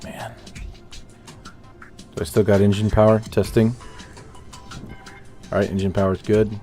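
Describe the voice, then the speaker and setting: A young man with a low, mellow voice narrates his own gameplay in loose, rambling commentary. He talks himself through each move and answers viewers between tries. Faint music plays behind him. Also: measured pace, pauses often. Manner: rambling, self-talking, chats with viewers. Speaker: gaming streamer.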